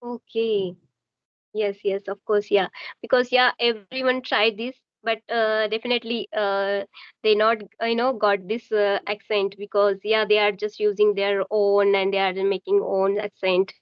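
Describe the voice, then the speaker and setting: A woman's voice: mid-range voice, flat delivery, clean tone, no room sound, dull audio. Hesitant woman from Maharashtra. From Maharashtra, India. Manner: hesitant, halting, many fillers. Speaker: learner, homemaker. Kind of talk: casual conversation practice.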